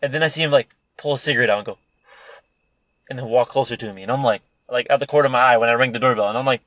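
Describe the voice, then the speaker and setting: A man's voice: medium pitch, very fast, a bit bright, no echo. A young man telling a rambling story in casual podcast chat, swearing often and acting out what people said. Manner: rambling, heavy swearing, acts out quoted voices. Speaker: podcast co-host. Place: indoor room, podcast recording.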